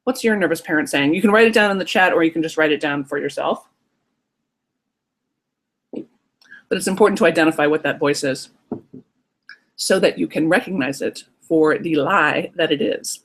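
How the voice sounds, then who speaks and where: A woman's voice: low-pitched, normal speed, pauses often. A woman hosting a live online workshop, talking in an encouraging, affirming way. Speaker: workshop host.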